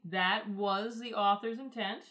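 A woman hosting a podcast in casual chat, rambling and excitable, with lots of fillers. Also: medium pitch, unhurried. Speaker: podcast host.

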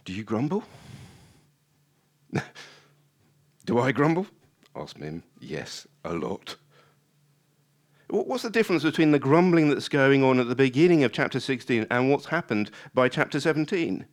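Lively-voiced male preacher. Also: moderate pace. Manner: animated, rising high when acting out prayers; conversational with restarts and asides. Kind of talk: sermon.

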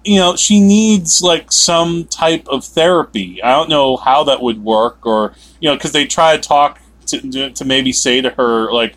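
A man co-hosting a movie review podcast, talking in a rambling, animated way with sudden emphatic outbursts. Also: medium pitch, normal speed, hardly any pauses. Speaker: podcast co-host. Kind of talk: casual movie review chat.

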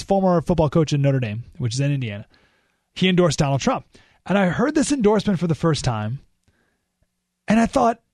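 A man hosting a political talk radio show, animated and exclamatory, thinking aloud with frequent restarts. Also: high-pitched, no echo, clean studio sound. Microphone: studio microphone.

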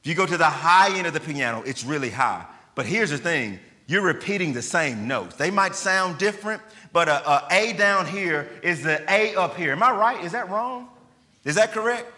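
A man's voice: sits high, lively intonation, moderate pace, bright, forceful tone. A male pastor preaching a sermon in a conversational way, often putting questions to the congregation. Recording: long reverb of a large hall.

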